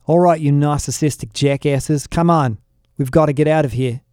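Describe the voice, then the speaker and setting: A man's voice: on the high side, moderate pace, darkish tone, no echo, clean studio sound, lightly acted. A man doing an exasperated, scolding young man.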